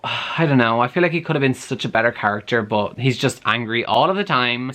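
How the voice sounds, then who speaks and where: A young man chatting casually in a reading vlog, animated and dramatically exasperated. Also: medium pitch. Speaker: book vlogger.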